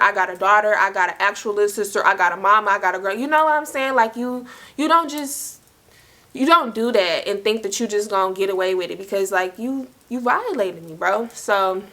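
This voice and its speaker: Jasny głos młodej kobiety, opowieść na luzie. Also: female voice, medium pitch. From South Carolina. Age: young adult. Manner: slangy, animated, fillers of "like" and "y'all". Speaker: storytime vlogger. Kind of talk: casual storytelling to camera.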